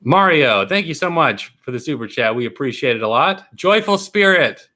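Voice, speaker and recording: A young man hosting a casual livestream from home, opening fan mail and warmly thanking viewers one by one. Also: a little high, sing-song, moderate pace. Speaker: YouTube reaction channel host.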